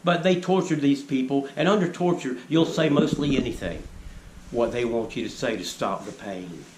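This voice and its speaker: A man's voice: mid-range voice, normal speed. A man giving a preachy monologue, lecturing the viewers and firing rhetorical questions at them. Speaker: vlogger. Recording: echoey room with faint ambient noise.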